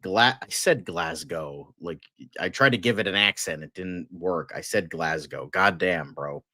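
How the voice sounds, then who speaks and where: A man with a fairly low voice hosts a loose news livestream, chatting excitedly and swearing often. He rambles with plenty of fillers, and his voice sounds dry and close, with no room echo. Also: moderate pace. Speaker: host of a fan news livestream. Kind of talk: casual livestream news chat.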